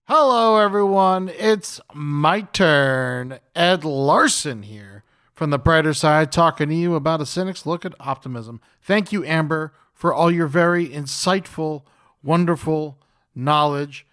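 A man's voice: a little high, measured pace, a bit bright. A man co-hosting a podcast in casual chat, wry and a little self-deprecating. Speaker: podcast co-host.

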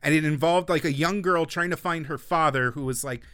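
A man's voice: fairly high pitch, a little fast, a bit bright, smooth, no echo, studio quality. A man co-hosting a film podcast, explaining in a loose, filler-heavy way. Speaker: podcast co-host. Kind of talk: casual film discussion.

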